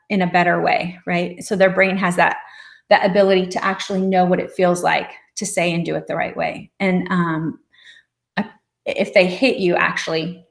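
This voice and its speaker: Gentle woman giving a parenting talk. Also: on the low side. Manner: gentle and encouraging, acts out brief parent-child exchanges in a lighter voice. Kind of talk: presentation with slides.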